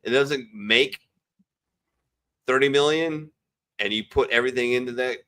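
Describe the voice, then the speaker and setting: A podcast host at home speaks at a medium pitch and normal speed, his tone fairly bright. Over a video call he hosts a casual online chat among veterans, rambling bluntly and profanely through his opinions.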